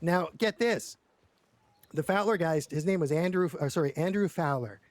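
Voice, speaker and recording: A man's voice: a little high, normal speed, no room sound. A man telling a long story in character during a roleplay session, rambling and stammering with lots of repeated words and casual swearing.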